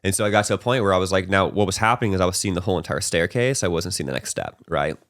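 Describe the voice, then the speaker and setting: In rapid-fire speech and a low voice, this man hosts a podcast, recounting something from his own life in casual, loose terms. "Like," "bro," and sentence-ending "right?" crop up constantly, and he animatedly plays out the panic he felt back then. The sound is dry and clean, like a studio.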